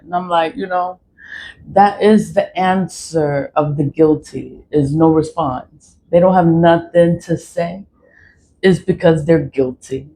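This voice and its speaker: A woman vlogging in a casual monologue from a city high-rise apartment. She rambles, repeats phrases and mimics other people in quoted asides. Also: slow, mellow, a little hiss or hum, poor audio. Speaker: spiritual vlogger.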